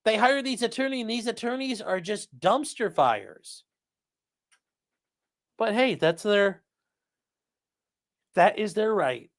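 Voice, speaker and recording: A man's voice: high-pitched, expressive, takes it slowly, long pauses. A man hosting a casual livestream, reading viewer messages aloud and making blunt, sarcastic, profane asides. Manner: sarcastic and blunt, swears freely. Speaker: livestream host reading chat. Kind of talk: casual live commentary.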